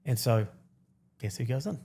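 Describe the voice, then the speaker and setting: A man's voice: medium pitch, moderate pace. A New Zealand man in his forties, a podcast guest telling his story casually and acting out the dialogue in slangy speech. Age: 40s. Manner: animated, acts out quoted dialogue, slangy.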